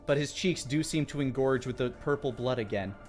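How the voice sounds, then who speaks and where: A man narrating and running a live tabletop game as dungeon master, relaxed as he tallies damage and describes the action. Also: medium pitch, brisk, faint music behind.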